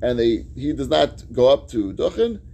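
A man's voice: medium pitch, very animated, moderate pace, gravelly, warm tone. A man teaching a Talmud class, reading each phrase of the text and then explaining it in plain words.

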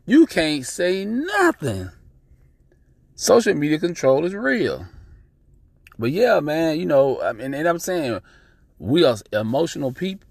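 A man's voice: mid-range voice, gravelly, no echo. Dude ranting on his podcast, cussing a lot, repeats himself, dry close mic, mid voice. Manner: blunt, profane, animated, repeats himself. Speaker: podcast host. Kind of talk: casual ranting monologue.

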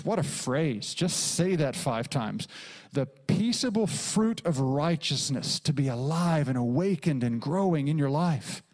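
A man's voice: fairly high pitch, darkish tone. A middle-aged man preaching a sermon as a pastor, driving his points home with repeated phrases and acting out quoted lines. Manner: preaching with emphatic repetition and dramatic quoted asides.

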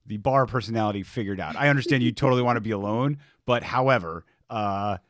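A man's voice: fairly low pitch, quick pace, a bit bright, no echo, clean studio sound. A man hosting a podcast, chatting casually in a playful, teasing way, with some swearing. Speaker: podcast host.

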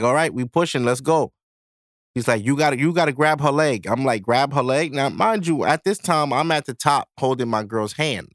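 A man's voice: medium pitch, dry recording. Young guy podcasting, chill storytelling, lots of cussing and laughs, dry close mic. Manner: animated, profane, laughing while he tells it. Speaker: podcast host. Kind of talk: casual storytelling.

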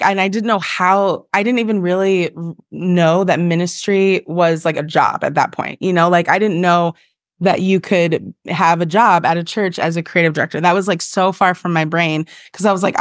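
In a clean studio recording with no echo, a woman in her thirties with a lowish voice speaks earnestly as a guest on a casual podcast interview. Her talk is thick with "like" and "um" and drifts into tangents, and at one point she briefly gets emotional.

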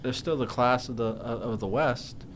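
A man of middling pitch co-hosts a casual sports talk, stumbling over restarts before landing blunt opinions. A faint noise hums under his voice. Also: normal speed.

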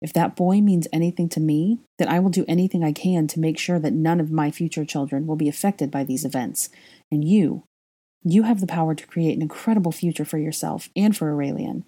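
A woman reading a steady, insistent young man. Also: low-pitched, a little fast. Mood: firm. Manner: gentle but firm, insistent.

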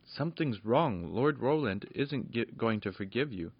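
A man's voice: medium pitch, expressive, unhurried, slightly rough. A man voicing a kindly old peddler. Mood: worried. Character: kindly male peddler, loyal friend. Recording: dull lo-fi dry recording.

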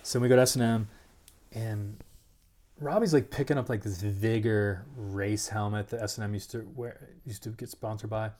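A middle-aged man telling a story as an interview guest, rambling and animated, full of "like" and restarts, acting out other people's lines. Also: on the low side, normal speed. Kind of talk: casual storytelling.

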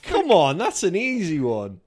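Young guy, pitch all over the place, teasing and sweary. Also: wildly swooping pitch, a little slow, heavy background noise. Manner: teasing, blunt, swears freely. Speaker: player in an accent-guessing game. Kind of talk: casual chat.

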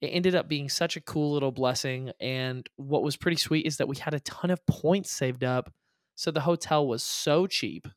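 A man co-hosting a marriage podcast, speaking earnestly and haltingly, often repeating himself. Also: a little high, no echo, clean studio sound. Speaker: podcast co-host. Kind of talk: casual chat.

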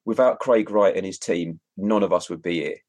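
A man's voice: low voice, normal speed, darkish tone, no echo, clean studio sound. A man co-hosting a casual livestream chat, teasing and laughing. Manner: laughing, teasing, reads out viewer comments. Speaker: podcast co-host.

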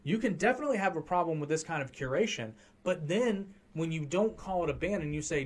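A man's voice: on the high side, animated, fast talker, few pauses, slightly rough. A man hosting a podcast, ranting heatedly and with a lot of profanity during a casual political chat. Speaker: podcast host.

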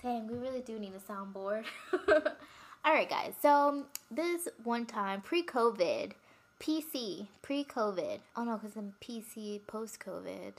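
A woman's voice: on the high side, expressive, measured pace. A young woman co-hosting a casual chat podcast, telling stories with giggles and rambling asides. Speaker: podcast co-host.

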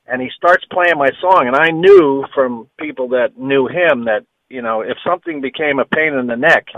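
A man, a guitarist guest on an interview, telling stories and acting out quoted dialogue with lively energy. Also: medium pitch, moderate pace, dry recording, muffled recording. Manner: animated storyteller who acts out quoted dialogue. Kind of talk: storytelling interview.

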